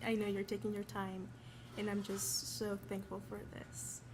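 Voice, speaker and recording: Teen student from Mexico, Mexican accent, flat-toned and nervous at a noisy school event. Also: female voice, medium pitch, normal speed. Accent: Mexican Spanish. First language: Spanish. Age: teens. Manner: nervous, apologetic, earnest. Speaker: honored student. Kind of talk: award acceptance speech.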